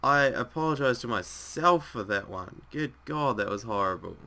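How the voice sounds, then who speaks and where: A man's voice: medium pitch, expressive, normal speed. A man casually reading a visual novel aloud and chatting about it, rambling and self-mocking. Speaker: gaming video host. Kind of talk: casual let's-play commentary and reading. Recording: loud background music.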